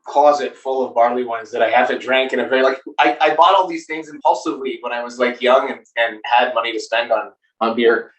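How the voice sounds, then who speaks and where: A man speaks at an ordinary pitch, sitting well back from the mic in a noticeably echoey room. He chats casually as a brewmaster, and his explanations ramble loosely, full of fillers and restarts. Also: fairly bright tone, far from the mic. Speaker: brewmaster guest. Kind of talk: casual chat.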